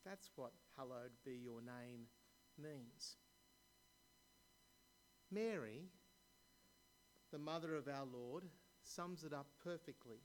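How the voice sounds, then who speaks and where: A man preaching a sermon, reading scripture aloud and asking the congregation questions, his voice dropping softly at the ends of verses. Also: medium pitch, a little hiss or hum. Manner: slow, deliberate preaching with pauses and questions to the congregation. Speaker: pastor.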